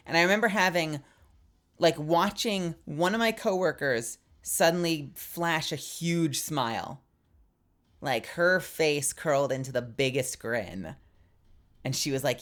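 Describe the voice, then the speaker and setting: Bright-voiced, outspoken woman streamer. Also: low voice. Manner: outspoken, heavy swearing, lots of "like" fillers; animated, swings between quick bursts and drawn-out phrases. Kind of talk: casual live-stream chat, answering viewers.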